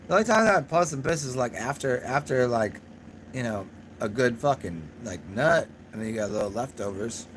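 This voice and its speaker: This is a young guy running a casual livestream and responding to his chat, his mid-range voice expressive and at a normal speed. Slightly drunk, he rambles, curses, and laughs at his own humor, with a little hiss or hum in the background.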